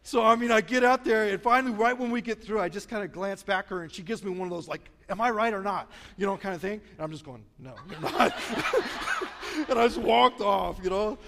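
A middle-aged Midwestern pastor with a fairly high voice preaches in a loose, joking storytelling style. His voice rings out with a long reverb in a large church hall. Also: fairly quick, creaky, fairly bright tone. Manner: storytelling, chatty, self-deprecating humor. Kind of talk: sermon.

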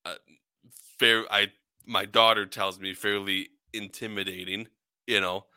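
A man in his forties with a lowish but very sharp, bright voice, grumbling wryly in a casual podcast chat. He restarts his sentences often. The recording is dry and close. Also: level tone, measured pace, clean tone, dry recording. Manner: dry, wry complaining with many restarts. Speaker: podcast co-host.

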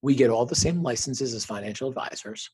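A middle-aged man speaking as an interview guest, earnest and reflective, telling personal stories and lively when quoting others. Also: medium pitch, brisk, breathy edge. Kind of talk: conversational interview storytelling.

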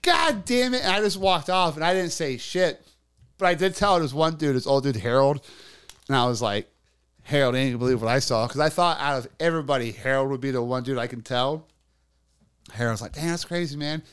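A man's voice: medium pitch, fairly quick, fairly bright tone, smooth. A man co-hosting a podcast, telling a long, rambling, profane story packed with filler words. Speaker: podcast co-host. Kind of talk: casual storytelling chat.

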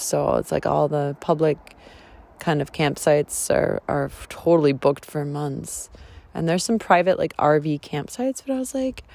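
Woman, travel vlogger, gravelly, mellow tone, breathy whispers, outdoors on phone. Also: low voice, no echo. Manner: gushing, spiritual, many "like"s, drifting into whispers. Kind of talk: casual travel vlog. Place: outdoors on a forest trail.

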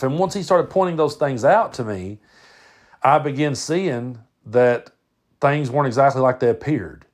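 A man's voice: mid-range voice, normal speed. A middle-aged man with a Tennessee drawl tells a story from his own life on a podcast. He talks folksy and plain, circling back and restarting his sentences, and now and then he swears. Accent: Southern US, Tennessee. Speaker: podcast host. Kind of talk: personal storytelling monologue.

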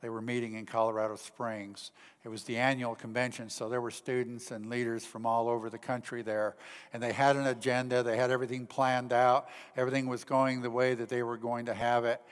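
A man preaching a sermon in an earnest way, pressing his points with rising emphasis and then dropping to hushed, quiet tones. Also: mid-range voice, level tone, a little fast, smooth, in a large hall. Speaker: pastor.

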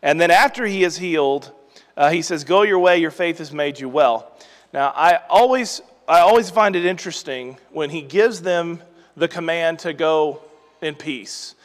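A man hosting a Bible teaching podcast, reading scripture aloud and then explaining it in a relaxed, conversational way. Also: a little high, moderate pace. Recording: long reverberant hall sound.

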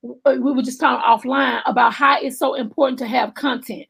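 Southern woman host, high voice, expressive, talks faith and business. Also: fairly quick, gravelly, slightly rough. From Alabama. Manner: expressive, faith-filled, acts out her own quotes. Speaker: show host. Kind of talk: casual interview chat.

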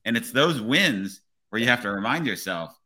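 A police officer hosting a podcast, talking in an earnest, motivational way and often checking in with "right?". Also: male voice, medium pitch, animated, moderate pace, pushed and bright. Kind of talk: casual podcast conversation.

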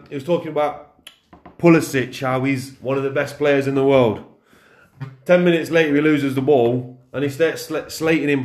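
A man's voice: on the high side, echoey room. A man co-hosting a casual football chat in a kitchen, speaking bluntly and critically. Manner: blunt, critical, plain-spoken. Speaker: podcast co-host.

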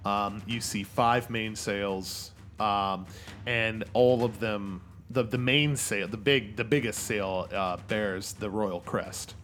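A man's voice: on the low side, fairly even intonation, slow pace, a bit bright, slight background noise. A man running a tabletop role-playing game, describing scenes with many fillers and restarts. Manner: rambling, filler-heavy narration. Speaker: game master.

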